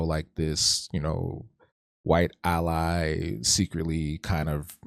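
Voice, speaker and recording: A man's voice: low voice, darkish tone, dry recording, studio quality. A man hosting a casual livestream, talking reflectively and rambling, often restarting and stuttering. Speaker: streamer hosting an art talk show.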